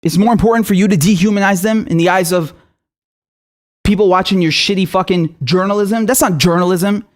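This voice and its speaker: A young man in full fury, ranting on his own political show. He swears constantly and throws accusing questions at his targets, his voice pitched high for a man and tight with anger. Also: fairly quick. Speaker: political commentator. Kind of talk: angry political rant.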